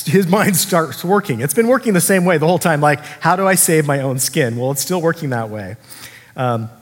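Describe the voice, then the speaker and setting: A man's voice: fairly high pitch, husky, big-room sound. A man preaching a sermon as the pastor, talking in a casual, conversational way and acting out the characters he quotes.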